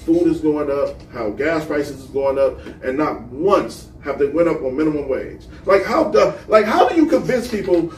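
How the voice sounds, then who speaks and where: A man hosting a podcast in a loose, animated way, his voice sitting a little high. He is set back from the microphone, and the room adds a clear echo with a faint hiss underneath. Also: moderate pace, hardly any pauses, distant mic. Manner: animated, swearing, rising to a near-shout when heated. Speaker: podcast host. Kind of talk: casual chat. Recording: echoey room, off-mic, faint noise.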